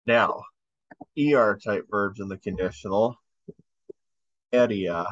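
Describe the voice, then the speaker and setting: A man's voice: lowish voice, fairly bright tone, no echo. A man teaching a casual language lesson, drilling verb forms aloud and correcting himself as he goes. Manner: slow, drills conjugations aloud, corrects himself mid-sentence. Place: home room. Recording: dull lo-fi home recording.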